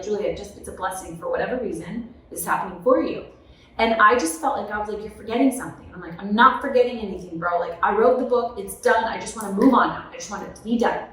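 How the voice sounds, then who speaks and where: A woman author in her thirties telling lively stories in a podcast conversation, often asking "right?". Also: mid-range voice. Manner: animated, tag questions like "right?". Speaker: author and guest. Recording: echoey room, mic at a distance.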